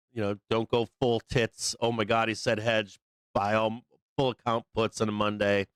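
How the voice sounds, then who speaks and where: A hoarse man hosting a live trading show, giving loose, profane, rambling market commentary on a close microphone. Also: fairly low pitch, fairly bright tone, dry recording. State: hoarse, losing his voice.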